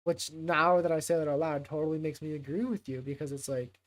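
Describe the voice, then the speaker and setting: A man casually talking on a livestream, rambling and thinking out loud with lots of fillers and restarts. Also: a little high, brisk. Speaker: streamer.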